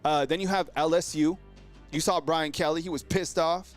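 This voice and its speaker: A man hosting a casual live sports show, talking excitedly in slang to his viewers, heavy on fillers and exclamations. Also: on the high side, moderate pace, faint music behind. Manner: animated, exclaims and addresses viewers as fam. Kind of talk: casual live-stream commentary.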